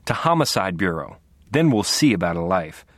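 A brusque young policewoman who talks in short, clipped, impatient lines, as a male narrator voices her. She sits a little lower than most women would. The recording is bone-dry, with no room sound. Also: sing-song, a little fast, dry recording. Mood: curt. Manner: curt, impatient. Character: brusque young woman police officer, blunt.

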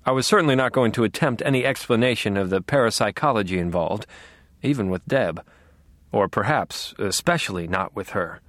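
A man's voice: lowish voice, a little fast, fairly bright tone, dry recording. Wry, dry male audiobook narrator. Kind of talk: first-person audiobook narration.

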